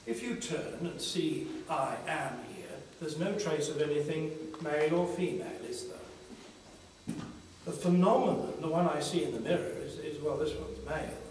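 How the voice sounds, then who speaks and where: An older man giving a slow, reflective spiritual talk at a conference panel, pausing often between phrases. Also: fairly high pitch, a little mellow, slight background noise. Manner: slow, reflective, with long pauses. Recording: echoey hall from far off.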